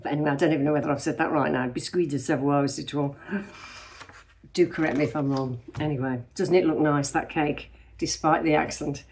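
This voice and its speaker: Speaking quickly with hardly any pauses, this female vlogger has a deep, steady, darkish voice and a light English Midlands accent. She's in her fifties, from England, and a bit nasal after a night of sneezing as she rambles chattily and self-deprecatingly through a casual chat. There's slight background noise.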